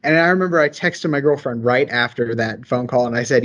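A man's voice: medium pitch, fairly quick, fairly bright tone. A young man in his twenties with a Southern American accent, an engineer and podcast guest, telling stories eagerly and enthusiastically. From rural American South. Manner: eager, enthusiastic, rambling storyteller. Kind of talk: casual podcast chat.

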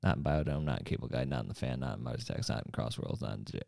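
Deep-voiced low-key man. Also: rapid-fire, vocal fry, no room sound. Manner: low-key, dry, lists facts flatly. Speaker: podcast co-host. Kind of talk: casual movie podcast chat.

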